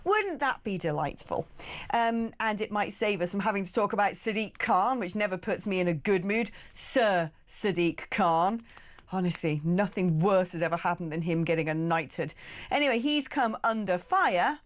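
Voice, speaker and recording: A woman's voice: medium pitch, animated. Indignant woman hosting talk radio. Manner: brisk, indignant, sarcastic asides. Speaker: radio talk show host.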